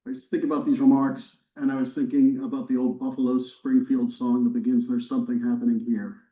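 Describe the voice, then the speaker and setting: A man, a history professor, giving a relaxed, wry lecture to a church audience, with casual fillers and restarts. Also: mid-range voice, a little fast. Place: church hall, recorded live. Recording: roomy, distant, dull lecture recording.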